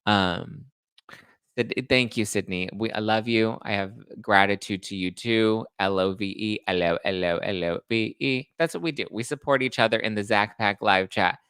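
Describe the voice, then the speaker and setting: A man hosts a pop culture live stream, casually chatting with viewers and dropping sarcastic asides. His fairly low voice is gravelly and fry-heavy yet fairly bright, at normal speed, and the sound is dry and close with no echo.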